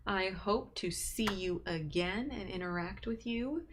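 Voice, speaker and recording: Woman streaming her art from home, easy rambling chat, some vocal fry, light room hiss. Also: on the low side, moderate pace. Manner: chatty, talks to herself while drawing, drops into whispers. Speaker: livestream host drawing. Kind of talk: casual drawing livestream chat.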